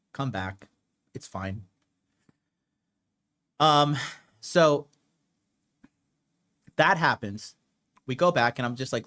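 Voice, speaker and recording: A man's voice: lowish voice, a bit bright. A young man hosting a podcast, telling a personal story in a blunt, rambling, profane way with lots of fillers. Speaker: podcast host. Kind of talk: casual storytelling monologue.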